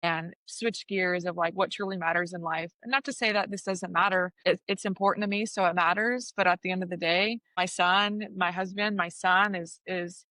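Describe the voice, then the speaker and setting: A woman in her thirties, a softball coach and player, talking earnestly about motherhood in an interview. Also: on the low side, steady tone, moderate pace, hardly any pauses, no room sound. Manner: earnest and reflective, with restarts. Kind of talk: casual interview chat.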